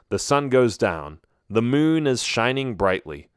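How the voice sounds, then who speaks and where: Male narrator for a kids' fantasy book, mid pitch, dramatic reads. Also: sing-song, a little slow, hardly any pauses, clean tone, dry recording, clean studio sound. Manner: dramatic, emphatic storytelling. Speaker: audiobook narrator. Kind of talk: scripted storybook narration.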